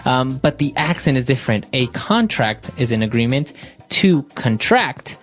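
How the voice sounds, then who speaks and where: A man's voice: medium pitch, normal speed, faint music behind. Man co-host guiding an English lesson. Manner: asks questions and sums up points. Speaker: podcast co-host.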